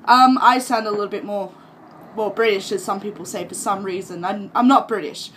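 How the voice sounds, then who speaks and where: A woman's voice: mid-range voice, normal speed, a bit bright, a little hiss or hum. A young woman from Australia with an Australian accent, chatting casually to camera in a rambling, self-amused way. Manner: chatty and rambling, laughs at herself. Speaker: vlogger.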